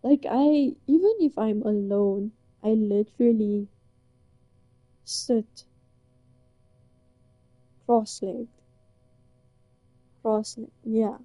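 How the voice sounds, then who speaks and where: A woman's voice: a little high, extremely slow, long pauses, dry recording, muffled recording. A young woman from Britain chatting casually and rambling in a giggly, playfully flustered way. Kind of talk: casual chat to a listener. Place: indoors, under a blanket.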